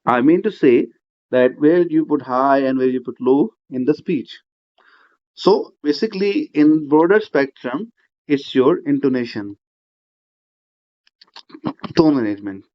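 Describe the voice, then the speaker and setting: A man's voice: mid-range voice, lively intonation, unhurried, long pauses. A man teaching a speaking-exam class, explaining step by step with "uh" fillers and frequent "right?" checks. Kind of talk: classroom lecture. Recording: slightly dull lo-fi recording.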